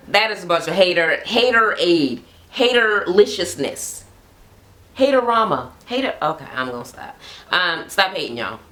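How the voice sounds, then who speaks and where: A woman's voice: fairly low pitch, big pitch swings, unhurried, long pauses, bright, forceful tone. A woman casually recapping a reality show for her channel, blunt and profane, laughing often. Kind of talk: casual gossipy recap chat. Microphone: camera mic, talking to camera at home.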